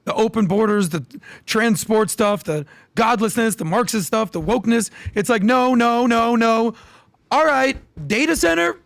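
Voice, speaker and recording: A man's voice: extremely high pitch, moderate pace, vocal fry, no echo. A man on a podcast panel arguing politics emphatically, asking rhetorical questions and talking over the others. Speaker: podcast guest.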